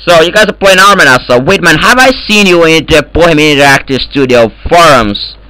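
Loud, profane man trolling in game chat. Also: a little high, lively intonation, fairly quick, no echo, poor audio. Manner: loud, profane, in broken English. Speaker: gamer in voice chat.

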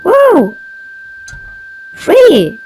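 A woman hosting a reaction video, gasping and exclaiming with excitement at each clip. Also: extremely high pitch, drawn-out words, over music.

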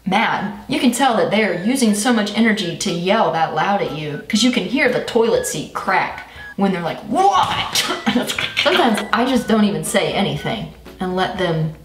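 A woman's voice: on the low side, far from the mic. A woman telling jokes in a playful comic monologue, laughing and acting out silly voices. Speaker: comedian. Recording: roomy echo, off the mic, faint music.

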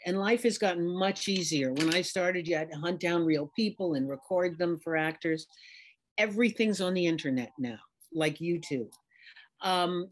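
A middle-aged woman from New York City, a dialect coach, talking casually and expressively in an interview. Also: lowish voice. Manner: animated, expressive, talks in images and examples.

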